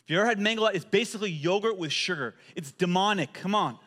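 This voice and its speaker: A male pastor preaching a sermon, telling animated stories and often repeating words as he goes. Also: high voice, fast talker.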